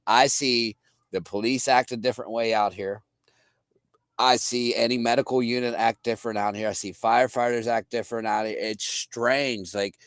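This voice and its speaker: A man from the American East Coast in casual chat, emphatic and quick to laugh. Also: mid-range voice, no echo, clean studio sound. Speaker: co-host.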